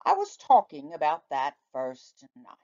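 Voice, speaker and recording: Slow, lively storytelling teacher. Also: female voice, low-pitched. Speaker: teacher reading aloud. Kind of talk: storybook read-aloud. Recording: dull lo-fi recording.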